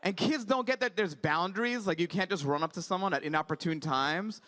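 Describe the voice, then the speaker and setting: A man's voice: high voice, a little fast, bright, forceful tone. A man in his thirties doing a stand-up comedy set on a conference stage, chatty and wry.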